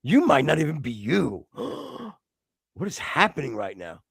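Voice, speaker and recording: Gravelly man in his fifties ribbing a co-host. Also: a little high, huge pitch swings, unhurried, no room sound, clean studio sound. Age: 50s. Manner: crude, teasing, heavy swearing. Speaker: podcast co-host. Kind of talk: casual podcast banter.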